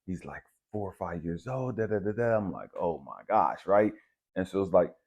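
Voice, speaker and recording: A man's voice: low-pitched, moderate pace, dull audio. A man telling a personal story in a casual, conversational way, mixing slang with spiritual reflection. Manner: relaxed, conversational, uses slang like bet and dap. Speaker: channel host.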